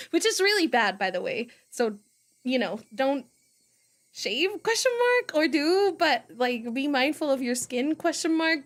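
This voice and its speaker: Brief: rambling giggly woman, chatty streamer, somewhat high voice. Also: fairly bright tone. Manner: giggly, rambling, easily sidetracked. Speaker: voice acting streamer. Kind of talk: casual chat.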